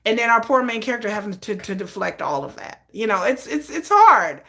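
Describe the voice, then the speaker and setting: Chatty woman with a slightly high voice. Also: sing-song, a little fast, fairly bright tone. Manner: chatty, rambling, with frequent restarts. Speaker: live stream host. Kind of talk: casual storytelling about her fan fiction.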